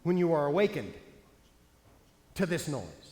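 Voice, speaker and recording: Animated, high-voiced man on stage. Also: measured pace. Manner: animated, punchy, playful. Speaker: motivational speaker. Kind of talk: comedic stage seminar. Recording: echoey hall, faint ambience.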